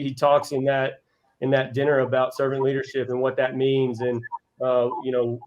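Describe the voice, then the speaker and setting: A man of ordinary pitch tells stories as a podcast guest, earnest and heartfelt. He talks casually, restarting phrases as he goes. His voice sits in a plain middle range. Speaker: guest, college basketball head coach. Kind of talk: casual podcast interview storytelling.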